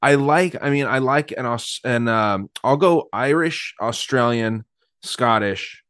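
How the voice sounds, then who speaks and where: A man co-hosts a podcast, blunt and laid-back as he chats casually. His voice is fairly low and sounds dry and close. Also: unhurried, fairly bright tone, no echo. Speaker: podcast co-host. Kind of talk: casual chat.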